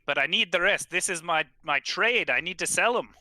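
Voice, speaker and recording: Bright-voiced man playing a tabletop game. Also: sits high, expressive, fairly quick, no echo. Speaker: player.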